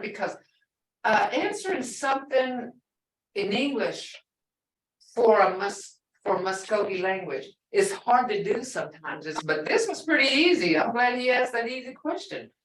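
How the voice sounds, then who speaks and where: A woman's voice: medium pitch, a bit bright, echoey room, distant mic, rough recording. An older woman teaching a language class, chatty and storytelling, repeating words for emphasis.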